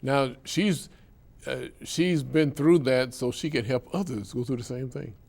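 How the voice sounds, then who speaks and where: Halting male interview host. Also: medium pitch, creaky, darkish tone. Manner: halting, many fillers and repeated words, frequent affirmations.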